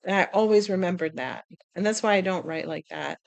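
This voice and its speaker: A woman vlogger chatting casually about writing, animated, laughing often and acting out little quotes. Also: fairly low pitch, a little fast, creaky, dry recording. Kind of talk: casual chat.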